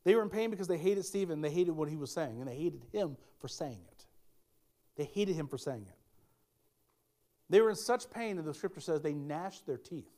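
A man's voice: on the high side, animated, moderate pace, mellow. A middle-aged male pastor preaching a sermon, emphatic, with folksy asides and repeated key lines.

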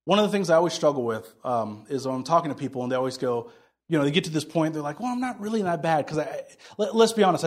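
A man preaching a sermon, talking in a conversational way, telling stories and acting out both sides of a conversation. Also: on the high side. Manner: conversational preaching, tells stories and acts out dialogue. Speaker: pastor.

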